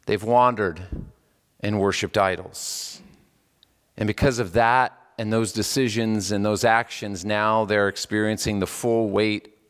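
A male pastor preaching a sermon in a church. He swings between raised, emphatic lines and low, solemn ones, with casual asides between scripture readings. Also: big-room sound. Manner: animated preaching with wide swings in pitch and loudness, dropping low on solemn words. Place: church sanctuary.

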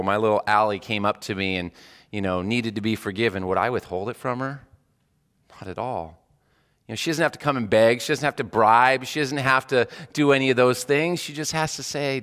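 A man in his thirties, a hospice chaplain, preaching a conversational sermon full of rhetorical questions, going soft and quiet for the prayers. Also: medium pitch, clean tone. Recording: long reverb of a hall.

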